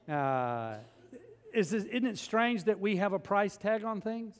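A man pastor preaching a sermon, animated, swinging from loud passages to hushed ones. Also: sits high, unhurried, big-room sound.

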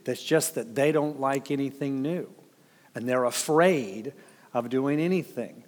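A man's voice: medium pitch, measured pace, long reverb tail. A man preaching as a pastor, telling stories with chuckles and acting out what people said. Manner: storytelling, chuckling, acts out quotes. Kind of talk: sermon with personal stories.

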